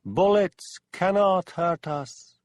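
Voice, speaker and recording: A man voicing an unearthly whispering fairy spirit that slowly mocks and threatens. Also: high voice, darkish tone, no echo, voice pushed up. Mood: mocking eerie. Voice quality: whispery, silvery, drawn-out. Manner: slow, mocking and cackling. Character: eerie whispering fairy voice, mocking and menacing.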